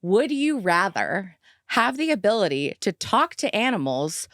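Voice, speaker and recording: A woman's voice: medium pitch, very animated, a little slow, fairly bright tone, no room sound, studio quality. A woman co-hosting a casual chat, playful and teasing as she asks questions. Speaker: podcast co-host.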